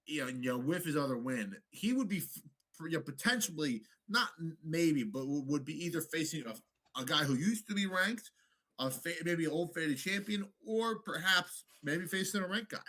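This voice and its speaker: A man co-hosting a podcast in loose, profane banter about fights. His voice sits a bit high and swings up and down in pitch. The tone is bright and sharp. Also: normal speed. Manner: animated and profane, slips into mock voices. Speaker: podcast co-host. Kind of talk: casual sports banter.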